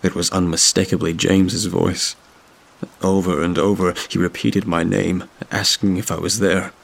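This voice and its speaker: A man tells a horror story in a steady, measured voice. His voice is very deep and gravelly, with a flat delivery that barely rises or falls. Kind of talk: scripted horror story narration.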